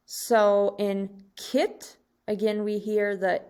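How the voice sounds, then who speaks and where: A woman teacher giving a recorded slide lesson to second graders, speaking slowly and deliberately and drawing out each example word. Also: mid-range voice, a little mellow.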